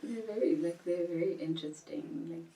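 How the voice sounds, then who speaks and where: A woman's voice: lowish voice, fairly quick, creaky, mellow, slight background noise. A woman in her twenties, a podcast guest, explaining things in a thoughtful, casual way. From South Africa. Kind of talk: casual chat. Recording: roomy, distant mic, faint ambience.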